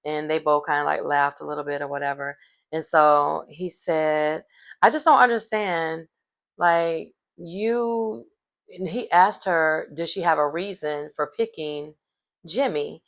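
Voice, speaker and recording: A woman with a somewhat low voice and a lot of vocal fry recaps a reality show. She retells the scenes in a chatty, animated way, with plenty of fillers, like she's gossiping with a friend. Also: moderate pace.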